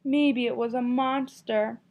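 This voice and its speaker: A woman's voice: fairly even intonation, slow pace, a little mellow. A woman doing a squealing little bear cub. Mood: dismayed. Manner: squealing, high and eager. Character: small excited boy bear cub. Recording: dull lo-fi recording.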